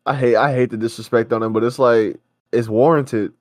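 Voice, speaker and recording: A man's voice: medium pitch, steady tone, brisk, dry recording, studio quality. A man co-hosting a reaction show, ranting in heated, profane casual chat.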